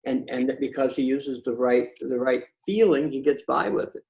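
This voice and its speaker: A man's voice: medium pitch, normal speed, creaky, a little mellow, poor audio. A man talking in a casual, conversational storytelling style, blunt and profane, often stammering and restarting his sentences. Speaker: patio chat host.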